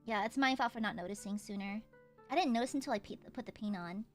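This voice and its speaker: A woman's voice: fairly high pitch, fairly quick, faint music behind. A young American woman streaming as she paints miniatures, chatting casually and switching between English and Vietnamese, laughing often. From United States. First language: Vietnamese heritage speaker.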